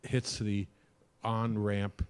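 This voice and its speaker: A man's voice: on the low side, little pitch movement, extremely slow, clear, resonant tone. An older retired man giving a rambling, hesitant public comment at a town board meeting. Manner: rambling, hesitant with many uhs.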